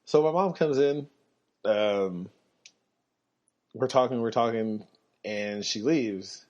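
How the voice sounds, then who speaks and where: A man hosting a podcast, telling personal stories in a casual, animated way and chuckling as he goes. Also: slow pace. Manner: animated, chuckling, jumps up in pitch when quoting people. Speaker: podcast host. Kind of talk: casual storytelling monologue. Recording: slightly muffled lo-fi podcast audio.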